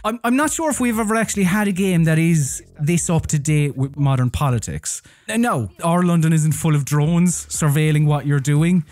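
A man's voice: fairly high pitch, darkish tone, dry recording. A man reviewing a game in casual chat, with dry, wry humour. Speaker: games reviewer. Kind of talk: casual chat about games.

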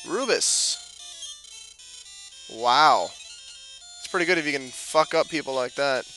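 A man's voice: medium pitch, moderate pace, pushed and bright, faint music behind, rough recording. A man doing casual gameplay commentary, cracking jokes, swearing and talking back to the game characters. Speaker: let's play commentator.

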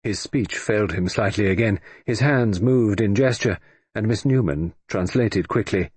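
A man narrating an audiobook in a scripted, expressive reading. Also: lowish voice, moderate pace, husky, no room sound.

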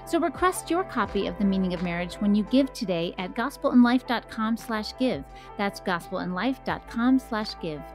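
A woman reading a scripted promotional announcement in a smooth, even delivery. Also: medium pitch, normal speed, hardly any pauses, soft background music.

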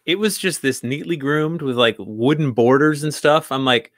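A man's voice: fairly high pitch, moderate pace, fairly bright tone, no echo, clean studio sound. A man in his forties from New England, an author guest telling his story in a casual, earnest, reflective way, often repeating words as he restarts. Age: 40s.

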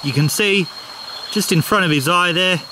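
An Australian man with a high voice hosts a wildlife vlog outdoors beside a creek at night, narrating casually at normal speed and chattily calling the animals "mate." The outdoor recording picks up background noise, with loud crickets and insects.

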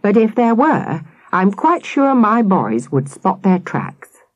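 A woman's voice: medium pitch, sing-song, slow pace, no room sound, muffled recording, voice pushed up. A woman voicing a prim, stiff cub leader. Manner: stiff, proper. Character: prim, nervous cub-pack leader, a grown man.

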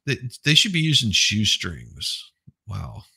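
Gravelly blunt-talking man on a livestream. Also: fairly low pitch, wildly swooping pitch, slow pace, sharp tone, dry recording. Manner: rambling, blunt, swears, lots of restarts. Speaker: livestream host reading chat. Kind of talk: casual live chat commentary.

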